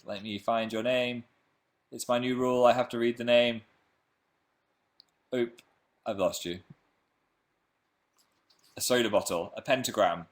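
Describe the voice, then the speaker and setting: A man's voice: mid-range voice, a bit bright. A young man from England hosting a casual live stream, chatting playfully and reading out viewer comments.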